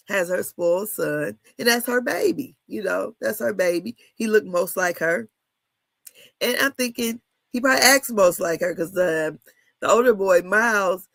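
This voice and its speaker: A woman's voice: mid-range voice, a bit bright, dry recording. A woman in her fifties chatting casually about a reality show, candid and blunt, laughing often and cussing freely. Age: 50s. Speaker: reality TV commentator. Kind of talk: casual chat.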